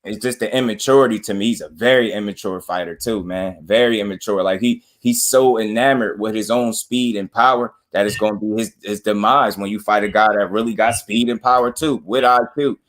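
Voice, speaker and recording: Low-voiced man giving boxing opinions. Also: fairly even intonation, fairly quick, hardly any pauses, fairly bright tone. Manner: casual slangy, opinionated. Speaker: boxing show host. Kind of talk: casual panel chat.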